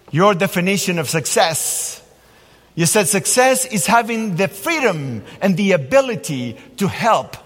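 A man preaching a sermon as a pastor, telling stories in an animated way. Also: high-pitched. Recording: long hall reverb.

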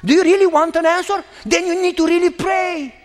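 A man preaching a sermon, telling a story with animated, emphatic delivery. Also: very high-pitched, brisk. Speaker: pastor. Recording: long hall reverb.

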